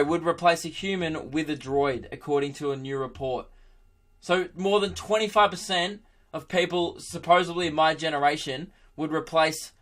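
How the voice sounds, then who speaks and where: Bright-voiced young man joking crudely. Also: fairly high pitch. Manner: animated and crude, laughing often. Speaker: podcast host, comedian. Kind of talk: casual comedic monologue.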